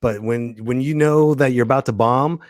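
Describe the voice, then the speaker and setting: A man hosting a comedy podcast, laid-back and quick to laugh, chatting with his guest. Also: mid-range voice, a little mellow, dry recording. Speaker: podcast host. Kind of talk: casual podcast chat.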